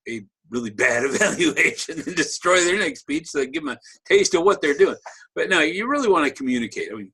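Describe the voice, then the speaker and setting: A man's voice: mid-range voice, bright, forceful tone, slightly rough. A man giving a conversational online teaching talk as a workshop presenter, joking and restarting phrases as he goes.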